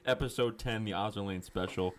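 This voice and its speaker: A man's voice: fairly low pitch, a little fast. A man hosting a casual podcast, eager and playful. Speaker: podcast host.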